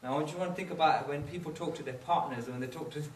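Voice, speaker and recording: A man's voice: fairly high pitch, fast talker, a little hiss or hum. A man speaking to a congregation, mixing English with phrases and acting out quoted voices. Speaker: Sikh religious speaker. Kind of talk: talk to a congregation. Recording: roomy hall, from a distance.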